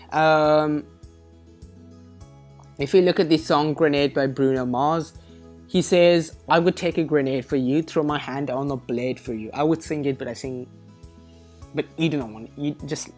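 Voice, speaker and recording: A woman's voice: low voice, a little mellow. A woman tutor explaining reading test concepts in a methodical way, correcting herself now and then with a light, wry touch. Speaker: SAT tutor. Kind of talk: explanatory lesson.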